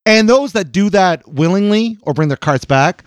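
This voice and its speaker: A man's voice: high voice, lively intonation, normal speed, dry recording. Guy cohosting a podcast, blunt and sweary, dead dry mic. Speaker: podcast co-host. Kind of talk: casual chat.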